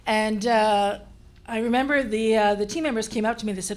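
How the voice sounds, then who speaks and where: A woman from Canada, a care home administrator, telling a story on a panel in a lively, self-mocking way. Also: a little high, brisk.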